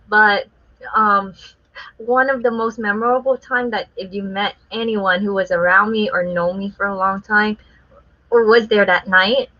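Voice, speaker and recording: A woman's voice: medium pitch, sharp tone. A woman guest artist telling a story in casual chat, laughing often as she talks. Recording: muffled lo-fi sound.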